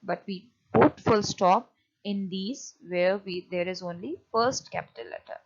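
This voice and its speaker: A woman teacher giving a lecture on punctuation, often pausing and restarting as she explains. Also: fairly low pitch, lo-fi sound. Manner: hesitant, many fillers and restarts while explaining.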